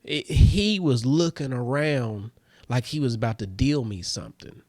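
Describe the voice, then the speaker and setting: A man telling a rambling comic story in a casual way, his voice jumping high when he gets excited. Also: a little slow, dry recording, clean studio sound. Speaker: comedian host.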